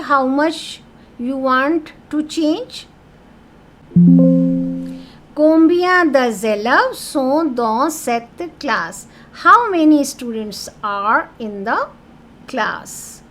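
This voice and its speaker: High-voiced woman teaching French. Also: bright, forceful tone. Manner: explains patiently, asks "okay?" often; reads French phrases then translates them to English. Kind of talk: classroom grammar lesson.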